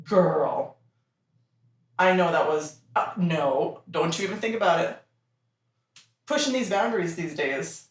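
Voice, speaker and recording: A woman's voice: fairly low pitch, measured pace, long pauses. A young woman hosting a stream from home, chatting casually and giving playful, coaxing commands to her dog. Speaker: livestream host. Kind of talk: casual chat while training a dog.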